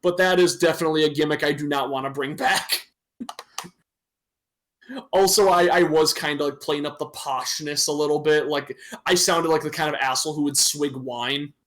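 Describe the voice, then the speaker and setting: A man's voice: on the high side, steady tone, moderate pace, a bit bright. Young man laughing through casual chat. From Michigan. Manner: laughing, self-mocking, profane. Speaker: podcast co-host. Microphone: desktop microphone on a stream.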